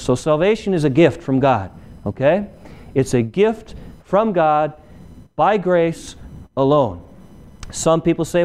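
A man's voice: a little high, expressive, measured pace, long pauses, darkish tone. A male preacher giving a sermon, emphatic and repeating key phrases, firing rhetorical questions at the congregation.

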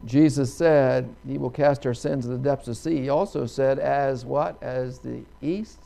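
Gravelly-voiced preacher man telling a folksy story. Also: medium pitch, fairly even intonation, normal speed. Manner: folksy storytelling, voices the characters, bursts into loud hallelujahs. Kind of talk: sermon with storytelling.

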